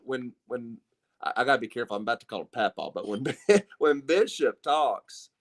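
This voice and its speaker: A man's voice: mid-range voice, expressive, normal speed. A middle-aged man with a Southern US accent hosts a casual livestream chat, stumbling and repeating words as he talks. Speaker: host.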